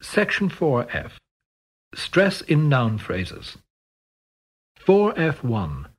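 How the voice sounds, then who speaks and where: A man narrating a pronunciation course in a measured, scripted way, announcing sections and rules. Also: a little high, wildly swooping pitch, loud music behind the voice.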